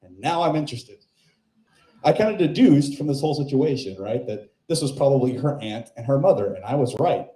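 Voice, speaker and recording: A man's voice: mid-range voice, animated, brisk, warm tone. A male stand-up comic telling a rambling, self-mocking story on a club stage into a handheld mic. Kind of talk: stand-up set and chat. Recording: echoey club room.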